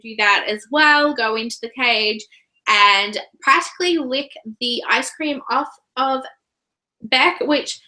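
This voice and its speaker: An Australian woman talks over a book in an unhurried, drawn-out way. Her voice sits a little high and sounds bright and crisp. She's chatty and giggles easily. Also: rough recording. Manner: chatty, giggly, animated retelling. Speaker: book reviewer, channel host. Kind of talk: casual book discussion.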